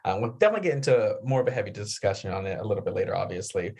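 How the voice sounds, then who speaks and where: A man co-hosting a podcast from the United States, chatting casually in a rambling, animated way. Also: on the low side, racing, husky. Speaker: podcast co-host. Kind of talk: casual chat.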